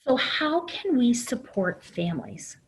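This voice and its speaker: A woman's voice: on the high side, huge pitch swings, a little slow, noisy background. A middle-aged woman giving a webinar presentation as an early childhood program director, speaking candidly and using herself as an example, with plenty of "um"s. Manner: candid, uses herself as example, many fillers.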